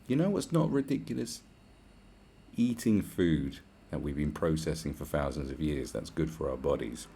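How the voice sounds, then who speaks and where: A man's voice: a bass voice, animated, normal speed, vocal fry, dark tone, a little hiss or hum. A man, hosting a podcast in a crude, blunt, rambling solo rant full of swearing and sarcasm. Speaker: podcast host.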